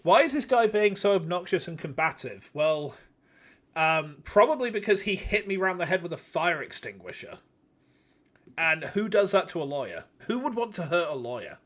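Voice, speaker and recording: A man's voice: high-pitched, very animated, moderate pace, fairly bright tone. A man in his thirties casually chatting and swearing while streaming a game. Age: 30s. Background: game music.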